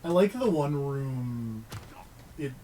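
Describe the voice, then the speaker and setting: A man chatting casually about a game, chiming in with relaxed remarks. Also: medium pitch, takes it slowly, far from the mic, slight background noise, low-quality recording. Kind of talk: casual gaming chat.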